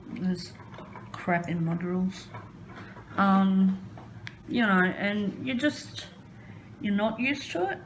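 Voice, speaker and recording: A woman's voice: on the low side, slight background noise, low-quality recording. A woman chatting casually while crafting at home, rambling and hesitant with many ums. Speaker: crafting vlogger.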